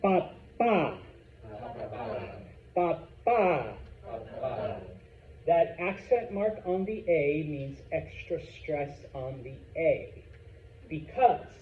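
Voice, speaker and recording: A man's voice: fairly high pitch, slow. A middle-aged man teaching a Spanish class, chatty and joking, checking in with "okay?" after most points. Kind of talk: classroom lecture. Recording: tinny, echoey classroom recording with faint hiss.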